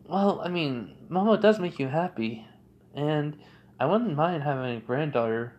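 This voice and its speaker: A man doing a high, sing-song doting mom. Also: animated, measured pace, darkish tone, dull audio. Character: warm, doting middle-aged mother.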